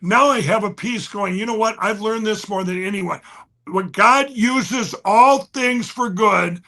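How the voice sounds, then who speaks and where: A high, bright-voiced man telling a story with restless energy. He restarts sentences often and swings from near shouting to hushed asides. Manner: fast, restless, repeats and restarts, swings loud and soft. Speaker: guest. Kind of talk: excited conversational storytelling.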